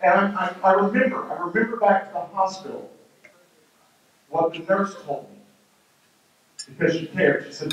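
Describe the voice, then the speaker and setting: A man in his thirties tells a comic parenting story as a keynote speaker, acting out the quotes as he goes. His voice sits fairly high and comes from some distance off the mic. The sound bounces around a big, very echoey hall. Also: normal speed, pauses often, fairly bright tone. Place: large hall with an audience. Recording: very echoey hall, heard from afar.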